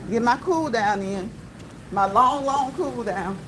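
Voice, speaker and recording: High-voiced woman chatting on a walk. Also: expressive, slow pace. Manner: playful, chatty, laughs often, talks to chat directly. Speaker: livestream host. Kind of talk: casual livestream chat while walking. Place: outdoors on a city street. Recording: outdoor street noise with traffic.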